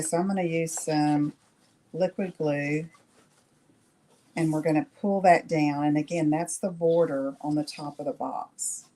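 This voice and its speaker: A woman's voice: deep voice, dark tone, slight background noise. A middle-aged woman hosting a live craft demonstration, chatting with viewers and checking in with "okay?" after each step. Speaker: craft tutorial host.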